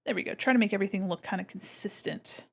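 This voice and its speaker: A woman's voice: medium pitch, fast, creaky. A woman streamer chatting casually while she draws. She is bubbly, greets her chat and exclaims often.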